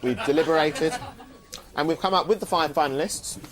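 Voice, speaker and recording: A man's voice: on the high side, brisk, a bit bright, poor audio. A man on a judging panel announcing finalists live in a dry, mock-formal way. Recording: studio with music and crowd noise.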